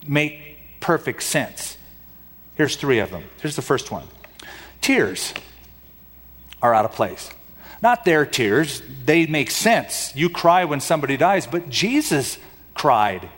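A pastor preaches a sermon in dramatic style, posing rhetorical questions to the congregation. His medium-pitched voice is a bit bright, and a long hall reverb fills the recording.

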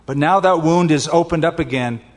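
A man's voice: fairly high pitch, moderate pace. A male pastor preaching an expository sermon, reading scripture aloud and then explaining it in a conversational way. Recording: long hall reverb.

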